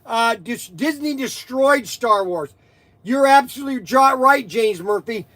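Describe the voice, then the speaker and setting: Male livestream host, excitable and teasing, unhurried delivery with a high voice. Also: no echo. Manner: excitable, rambling, laughing, teasing. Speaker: livestream host of a toy shop. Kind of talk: casual livestream chat, reading viewer comments.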